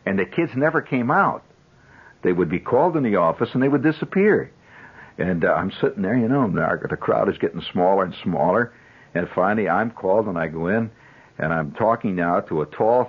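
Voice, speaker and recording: A man in his fifties spins a rambling yarn on the radio. His voice is low and husky but lively, leaping up and down in pitch, with chuckling asides. The sound is a dull, lo-fi 1970s broadcast. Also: normal speed. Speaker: radio host. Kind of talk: improvised radio storytelling.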